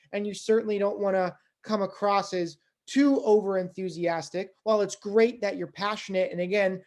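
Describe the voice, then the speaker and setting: Conversational fundraising instructor. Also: mid-range voice. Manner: conversational, many "you know" fillers; gets louder and faster when excited. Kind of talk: conversational online lecture.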